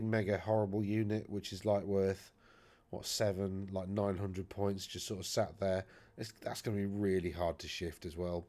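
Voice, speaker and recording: A man with a fairly low voice talks casually through tabletop wargame army lists. He rambles in a friendly way, trailing off with fillers and correcting himself as he goes. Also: a little mellow. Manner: rambling, chatty, self-correcting with many fillers. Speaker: wargaming channel host.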